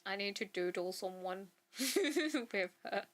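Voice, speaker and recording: A woman's voice: medium pitch, expressive, slow, a bit bright. A young woman chatting casually as she draws, rambling and trailing off mid-thought. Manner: rambling, self-interrupting, trails off. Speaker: artist streamer. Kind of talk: casual chat while drawing. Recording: faint background music.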